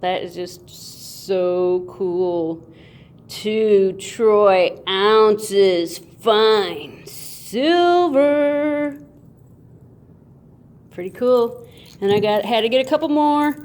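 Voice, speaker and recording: A woman hosting a casual unboxing video, playful and goofy, with sound effects and drawn-out, excited remarks. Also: medium pitch. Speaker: coin channel host.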